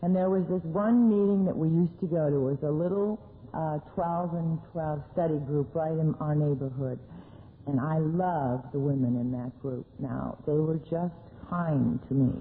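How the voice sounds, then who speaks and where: A woman's voice: low-pitched, normal speed. A middle-aged woman speaking at a recovery meeting, telling her own story with candid, self-mocking humor. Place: meeting hall. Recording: tinny lo-fi 1982 tape recording.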